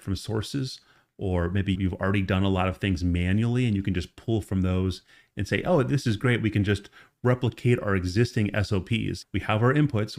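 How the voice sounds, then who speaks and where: Male course instructor, lowish voice, relaxed conversational explainer who keeps checking in with the listener. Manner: casual, conversational explaining with frequent check-ins. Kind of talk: screen-recorded tutorial lesson.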